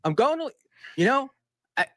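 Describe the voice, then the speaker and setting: A man's voice: extremely high pitch, very animated, normal speed, a bit bright. A man in an angry on-air rant, exasperated and cursing, repeating himself as he scolds his co-host.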